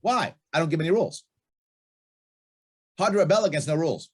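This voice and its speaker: A middle-aged man, a libertarian candidate, appears as a guest on a casual podcast, speaking bluntly and emphatically and repeating his key points. His voice is fairly high-pitched, darkish and husky, and he talks fairly quickly.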